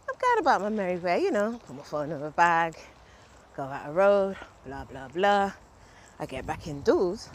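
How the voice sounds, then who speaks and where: A woman hosting a casual solo podcast while walking through a windy park on a headset mic, slightly out of breath, chatty and rambling with casual swearing. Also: fairly low pitch. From England. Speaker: podcast host. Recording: outdoor wind and street noise.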